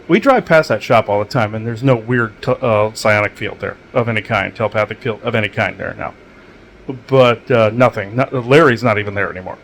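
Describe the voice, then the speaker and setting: A man's voice: medium pitch, a little hiss or hum. A man hosting his own channel, talking in a meandering casual monologue with many fillers and restarts, matter-of-fact about odd experiences. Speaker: channel host.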